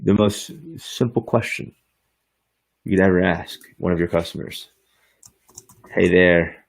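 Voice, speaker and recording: A man hosting a podcast and walking through a software demo on screen, with hyped, slangy salesman patter and frequent laughs. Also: sits low, moderate pace. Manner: laughs often. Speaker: podcast host.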